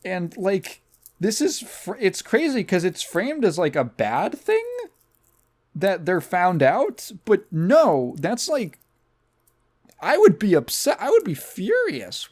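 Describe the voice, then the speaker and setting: A man hosting a casual podcast, recapping a movie with rambling sarcasm and plenty of swearing. His pitch swoops up and down constantly as he talks. The tone stays loose and conversational throughout. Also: wildly swooping pitch, slow pace, a little mellow. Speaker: podcast host.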